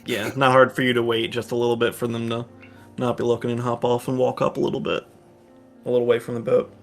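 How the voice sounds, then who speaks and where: A man's voice: mid-range voice, completely flat delivery, quick pace, creaky. A man narrating as game master of a tabletop game, talking loosely with hesitations. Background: faint background music.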